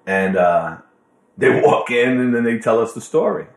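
A man telling a lively anecdote on a podcast, acting out other people's voices and swearing freely. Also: mid-range voice, normal speed. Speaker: podcast guest. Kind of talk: animated storytelling. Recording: roomy echo.

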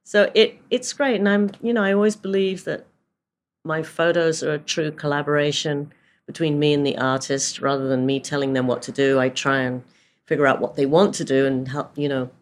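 A woman's voice: deep voice, fairly even intonation, moderate pace. Chatty British woman in her sixties. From England. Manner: chatty storyteller with many fillers and laughs. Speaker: photographer guest. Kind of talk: casual anecdotal interview.

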